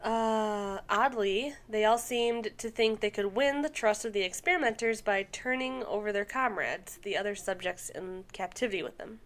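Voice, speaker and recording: A woman's voice: medium pitch, moderate pace, hardly any pauses. Woman reading aloud on a podcast. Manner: reads aloud with asides and stumbles. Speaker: podcast co-host. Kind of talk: casual podcast chat, reading a story aloud.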